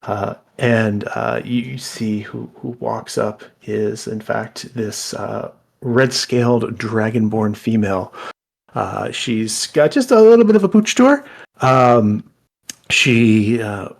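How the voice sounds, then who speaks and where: Gravelly, husky dungeon master. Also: male voice, lowish voice. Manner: halting, full of fillers. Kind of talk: narrating a tabletop game.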